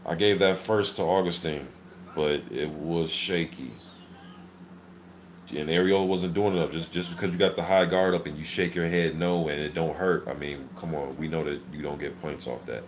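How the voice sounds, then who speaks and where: A man hosting a casual live boxing reaction, calling the action play-by-play in an excitable, filler-heavy way. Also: very deep voice, normal speed, a little hiss or hum. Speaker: boxing channel host. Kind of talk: live fight commentary reaction.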